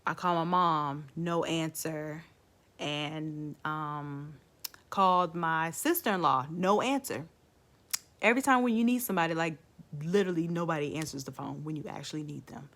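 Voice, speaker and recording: A woman's voice: low voice, normal speed, a bit bright. A woman vlogger casually telling her own story to the camera, chatty, with lots of "like" and "um".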